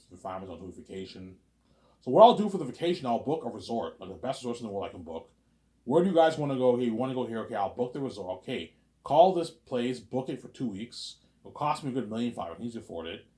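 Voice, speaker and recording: Man, lower pitch, casual vlog monologue; rambling, stop-start delivery swinging from excited to mumbled. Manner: rambling, repeats words and restarts, jumps between loud excited bursts and low mutters. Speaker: vlogger.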